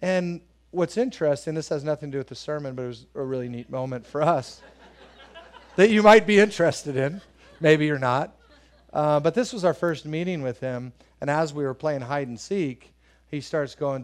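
Animated storytelling pastor, man. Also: on the high side, normal speed. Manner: animated storytelling, acting out voices in quotes; conversational, asks the congregation questions. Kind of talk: sermon with personal stories.

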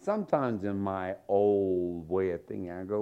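A middle-aged man preaching a sermon, telling stories and acting out quotes with lively swings. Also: a little slow, clear, resonant tone. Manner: animated storytelling with acted-out quotes and big pitch swings. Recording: dull lo-fi sound.

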